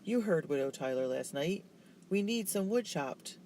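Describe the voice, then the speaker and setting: A man's voice: fairly high pitch, animated, moderate pace, a little mellow, slight background noise, pitched above the performer's own voice. A man reading aloud voices a bossy, stubborn older sister who talks sharply and insistently. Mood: exasperated.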